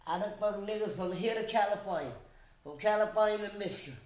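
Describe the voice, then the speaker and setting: A woman's voice: medium pitch, fast, darkish tone. A woman, a guest in casual chat, talking bluntly and brashly with no filter. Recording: echoey room with background noise.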